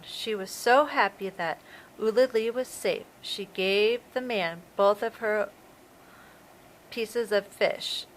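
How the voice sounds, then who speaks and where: Slow storytelling preschool teacher, bright voice. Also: female voice, mid-range voice, slight background noise, poor audio. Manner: slow, expressive reading for young children. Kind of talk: storybook read-aloud.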